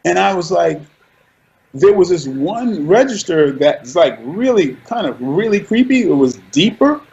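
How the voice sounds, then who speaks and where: A man being interviewed, telling animated stories about his work and often restarting his sentences. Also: high voice, measured pace, gravelly, highs cut off. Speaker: actor interviewed as guest. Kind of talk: casual interview storytelling.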